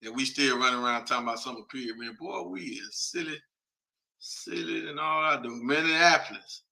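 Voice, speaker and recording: Bright-voiced man thinking aloud on air. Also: mid-range voice, normal speed, creaky. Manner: thinks aloud while reading a list off a map; speaks directly to viewers, chatty and informal. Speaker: host. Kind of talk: casual broadcast commentary.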